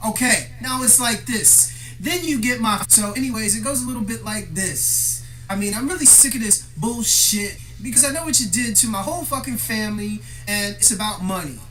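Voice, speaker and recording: Bright-voiced man in a profane rant. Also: sits high, moderate pace. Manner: profane, aggrieved, confrontational. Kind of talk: ranting monologue to camera.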